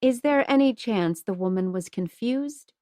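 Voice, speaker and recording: A woman's voice: on the high side, expressive, a little slow, a little mellow, no echo, studio quality, voice pushed up. A woman voicing a frightened, stammering girl. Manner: trembling, stammering. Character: frightened grieving young girl.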